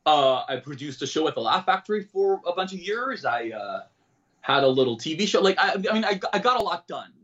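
Animated man telling a candid story. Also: on the high side, brisk, lo-fi sound. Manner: self-deprecating, jokes about dark topics; animated, switches into quoted voices. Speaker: comedian and guest. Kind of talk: candid personal storytelling in an interview.

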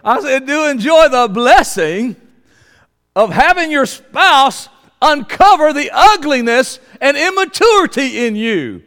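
Southern preacher guy from georgia, high voice swinging all over, echoey church hall. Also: very animated, measured pace, sharp tone. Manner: folksy, calls out to the congregation. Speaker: pastor. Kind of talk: sermon.

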